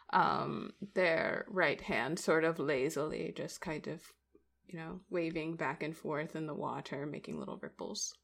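A woman's voice: sits low, vocal fry. A woman player in a tabletop game, describing her character's actions with many fillers. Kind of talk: tabletop role-play chat.

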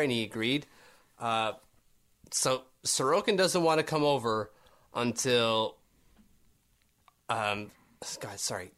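A man's voice: medium pitch, fairly bright tone. A man co-hosting a casual sports podcast, chatty and argumentative, reading quotes aloud with plenty of ums and restarts. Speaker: podcast co-host.

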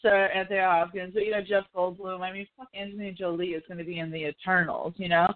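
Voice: medium pitch, level tone, fast talker. A podcast host chatting casually about films, rambling with lots of fillers and frequent swearing. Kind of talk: casual pop-culture chat. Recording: phone-like narrow band.

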